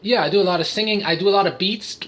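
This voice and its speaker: High-pitched, a bit bright and rapid-fire, this man, a vlogger and autistic father, chats to camera about his habits. His talk wanders and interrupts itself, with frequent sudden songs, sound effects and cartoon voices.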